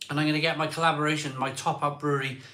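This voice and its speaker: A man's voice: a little high, little pitch movement, very fast, sharp tone, reverberant. A man hosting a casual live stream, chatting in a rambling way. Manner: chatty, rambling, frustrated sighs. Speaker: live show host.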